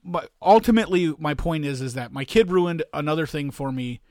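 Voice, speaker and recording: A middle-aged man chatting casually as a podcast co-host, rambling and restarting, quick to laugh. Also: a little high, animated, darkish tone, no room sound, studio quality. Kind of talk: casual chat.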